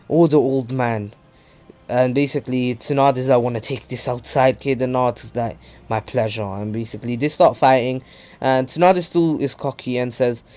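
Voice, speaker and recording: A man's voice: medium pitch, a little mellow. A young man casually retelling a fan-made story, rambling with frequent fillers and self-corrections.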